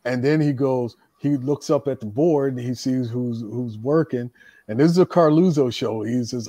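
A man telling wrestling stories in casual chat, animated, acting out what others said. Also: medium pitch, moderate pace, no echo. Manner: animated, acts out quotes, laughs often.

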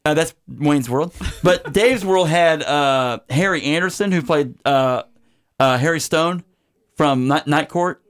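A man hosting a podcast about bad movies, rambling and joking through film credits with plenty of "uh"s. His voice is smooth and clear and sits a little high. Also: a little slow. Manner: rambling, joking, many fillers. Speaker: podcast host. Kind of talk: casual chat.

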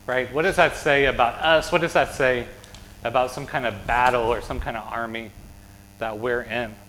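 A man's voice: mid-range voice, steady tone, normal speed, a bit bright, a little hiss or hum, poor audio. A man with an American accent giving a children's sermon as pastor, chatty and asking the kids questions, tagging "right?" onto his points. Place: church sanctuary.

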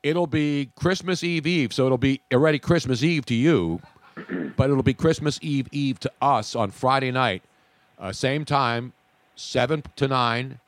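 A man's voice: medium pitch, measured pace, no room sound. A man hosting a sports radio show, chatting and joking with his co-hosts and callers. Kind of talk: casual sports talk.

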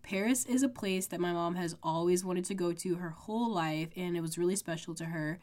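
A woman's voice: on the low side, fairly quick, darkish tone. A young woman from the United States hosting her own podcast, talking casually and full of fillers while sick and congested, recorded at home. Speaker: podcast host. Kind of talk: casual solo podcast chat. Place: home room with makeshift sound panels.

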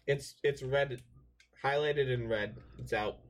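A man's voice: medium pitch, slow. A man co-hosting a podcast, giving wry, teasing commentary in a casual chat while watching wrestling. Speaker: podcast co-host.

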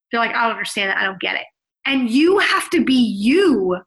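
A woman in her thirties hosting a podcast, talking on her own in an energetic, emphatic, conversational way as a business coach. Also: fairly high pitch, low-quality recording. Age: 30s. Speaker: podcast host. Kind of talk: solo podcast monologue.

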